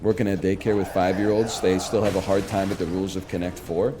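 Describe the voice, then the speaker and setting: A man chatting casually on a stream, telling long rambling stories in a lively, joking way. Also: low voice, fast talker, over music. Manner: rambling, animated, jokey storyteller. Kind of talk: casual storytelling chat.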